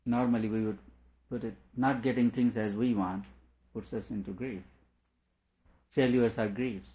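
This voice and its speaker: Low-voiced man explaining scripture. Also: fairly even intonation, moderate pace. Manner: repeats questions aloud, then explains patiently. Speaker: teacher. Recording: dull lo-fi recording.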